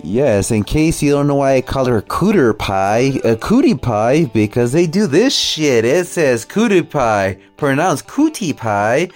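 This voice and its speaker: A man's voice: medium pitch, animated, measured pace, few pauses, darkish tone, soft background music. A man doing profane, mocking commentary over a video clip, with a sneering, swearing manner.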